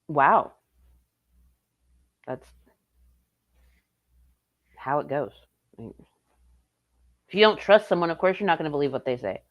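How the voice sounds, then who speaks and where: A woman's voice: deep voice, lively intonation, unhurried, long pauses, muffled recording. A woman streamer reacting to a video in casual, blunt and profane commentary. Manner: blunt and profane, laughs often.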